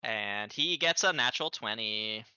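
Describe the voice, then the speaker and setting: A man at the table describes his character's spell and rolls with eager energy. His voice is very bright and smooth. The sound is dry and close. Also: on the low side, expressive, a little slow, no echo, highs cut off. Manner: eager, argues rules. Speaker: player. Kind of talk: casual tabletop play.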